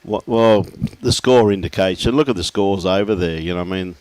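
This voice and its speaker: A man's voice: sits low, fairly quick, darkish tone. A man commentating live lawn bowls, chatty and jokey, reeling off scores and bantering with his co-host. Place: bowls club.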